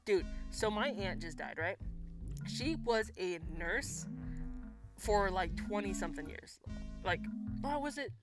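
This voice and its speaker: A woman's voice: mid-range voice, a little slow, long pauses. A woman hosting a casual livestream, reading out viewer comments and chatting back, swearing and laughing freely. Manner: chatty, swearing, laughs often, lively reactions. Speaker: livestream host. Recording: music playing behind her voice.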